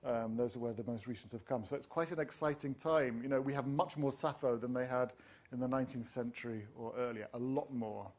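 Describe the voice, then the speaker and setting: A man's voice: medium pitch, fairly even intonation, a little fast, a little mellow. A middle-aged man lecturing on classics to teachers, speaking in a discursive way with frequent ums and restarts. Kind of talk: university lecture.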